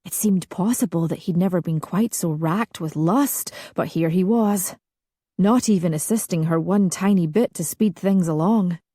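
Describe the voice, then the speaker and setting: A woman narrates a romance audiobook in a soft, intimate, unhurried read. Her voice is somewhat low, mellow and husky, and very slow. The recording is close and dry. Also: no room sound.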